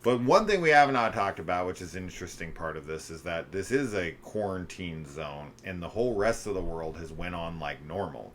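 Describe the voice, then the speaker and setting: A man's voice: low voice, expressive, fairly quick, hardly any pauses, slight background noise. A man reviewing a horror film in casual chat, rambling with lots of fillers and the odd swear.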